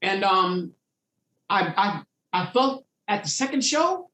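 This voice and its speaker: A man's voice: sits high, slow, echoey room. A man, a stand-up comedian, telling stories from his career in an interview, acting out the voices of people in them. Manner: animated storyteller acting out voices. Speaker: comedian guest. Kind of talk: storytelling interview.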